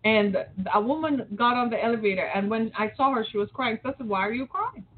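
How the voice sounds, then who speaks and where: A woman's voice: fairly high pitch, fast talker, a little hiss or hum. A middle-aged woman host from the Detroit area, giving an impassioned opinion monologue full of rhetorical questions. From Metro Detroit, Michigan. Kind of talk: opinion talk show monologue. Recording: tinny phone-like audio.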